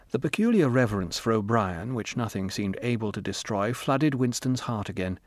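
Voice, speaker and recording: A man narrating an audiobook with measured, grave storytelling. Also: medium pitch, animated, no room sound. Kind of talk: scripted narration.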